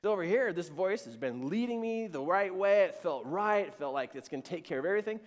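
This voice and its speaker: Man, earnest dramatic storyteller, very animated intonation, long hall reverb. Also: high-pitched, brisk. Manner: earnest, dramatic, with quoted inner dialogue. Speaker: speaker sharing a personal story. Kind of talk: personal testimony storytelling.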